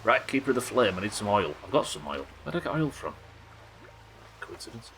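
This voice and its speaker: A man streaming a game live, talking in quick excitable bursts and chatting to his viewers. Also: mid-range voice, gravelly, slight background noise. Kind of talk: live gameplay commentary.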